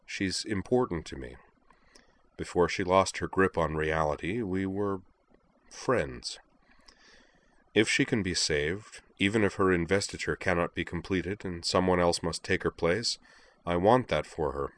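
Akio, a deep-voiced man doing a cool commanding chairman. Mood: cold. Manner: measured, flat, authoritative. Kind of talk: audiobook reading of fan fiction.

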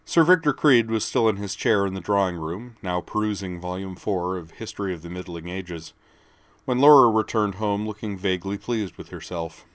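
A man narrating an audiobook in a measured, even storytelling manner. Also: deep voice, no echo.

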